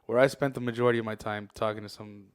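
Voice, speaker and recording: A man's voice: fairly low pitch, fairly even intonation, rapid-fire, clean tone. A young man co-hosting a podcast, telling a rambling, profane story and laughing as he goes. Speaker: podcast co-host. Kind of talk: casual storytelling chat.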